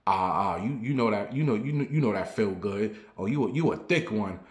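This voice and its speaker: A man's voice: lowish voice, animated, fairly quick, echoey room, pitched below the performer's own voice, natural voice. A man putting on a pushy, mumbling older man. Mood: leering. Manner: mumbling, stammering, flirtatious. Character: pushy 62-year-old man at a bus stop.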